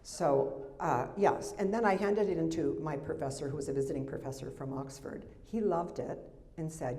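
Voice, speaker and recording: A woman in her sixties from the United States reads her memoir aloud at a festival event. Her voice is low and mellow. She slips into wry, chatty asides between passages. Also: normal speed. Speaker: memoir author. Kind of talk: reading from a memoir to an audience. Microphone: microphone.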